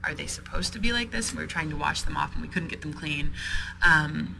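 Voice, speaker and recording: A man, a shop owner being interviewed, recounting events in a halting way with many ums and restarts. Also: a little high, vocal fry, over music. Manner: storytelling with frequent ums and restarts. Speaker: sex toy store owner. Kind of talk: interview storytelling. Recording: noisy podcast recording.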